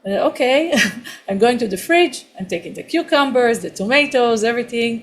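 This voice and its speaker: Lively woman teaching a video-call class. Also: fairly high pitch, brisk. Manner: lively, laughs often, acts out scenes. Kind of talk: class Q&A storytelling.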